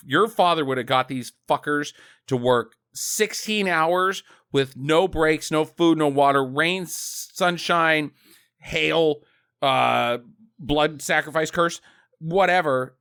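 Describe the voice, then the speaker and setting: Guy putting on a mean bossy plantation boss, scornful, ranting, bright voice. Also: a little high, slow pace, clean tone, dry recording, clean studio sound, full character voice. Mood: berating. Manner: berating, scornful rant.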